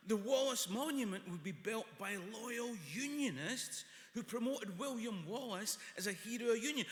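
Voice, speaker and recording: A Scottish comedian telling a story on stage, animated and acting out both sides of a phone call. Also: male voice, extremely high pitch, normal speed, hardly any pauses. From Scotland. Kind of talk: live comic storytelling. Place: large hall at a live event. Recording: echoey hall, long reverb.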